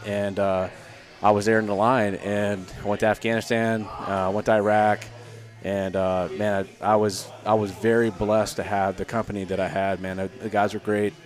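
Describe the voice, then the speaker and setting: A podcast guest in his thirties, a former Army Ranger and Green Beret, tells stories in a fairly low voice at normal speed with soft background music. He's an animated storyteller who acts out the voices of people he quotes and swears freely in this casual chat.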